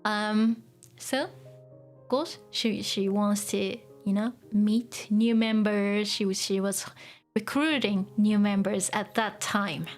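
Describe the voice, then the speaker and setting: A woman's voice: mid-range voice, level tone, takes it slowly, faint music behind. A woman teaching Japanese in a casual lesson, chatting loosely between English and Japanese with many fillers and small laughs.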